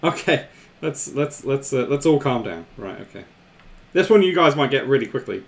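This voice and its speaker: A man's voice: medium pitch, very animated, moderate pace. Chatty man hosting a stream. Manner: chatty, laughs often, repeats himself. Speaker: live stream host. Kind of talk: casual live stream chat with viewers.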